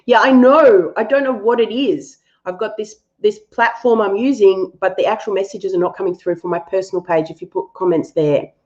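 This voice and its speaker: A woman's voice: mid-range voice, moderate pace, few pauses, a little mellow, lo-fi sound. A woman hosting a live-stream animal reading and answering viewers, affectionate and thinking aloud with fillers.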